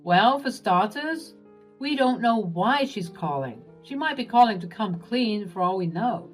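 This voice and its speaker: A woman voicing a gentle young husband who talks in a soft, measured, coaxing way. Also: medium pitch, expressive, faint music behind, natural voice.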